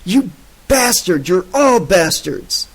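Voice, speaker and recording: A man voicing a shrill, foul-mouthed male scientist in a furious rage. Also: animated, moderate pace. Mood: raging. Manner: shrill, shouting, swearing.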